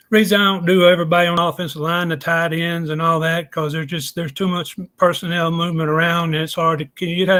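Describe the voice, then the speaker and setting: Chatting casually as a podcast guest, this analyst lays things out one step at a time in homespun, plainspoken terms. He sounds a little high and fairly bright.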